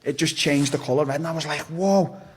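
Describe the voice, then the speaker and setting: Husky young Englishman telling a rough story. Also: a little high, flat delivery, racing. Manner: rambling, blunt, swears freely, frequent restarts. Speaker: podcast guest. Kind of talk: casual storytelling.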